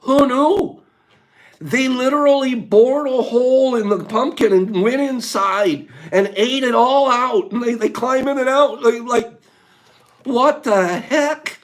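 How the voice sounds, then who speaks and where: A man hosting a casual livestream, chatting to viewers in an animated way and laughing often. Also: very high-pitched, takes it slowly. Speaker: livestream host.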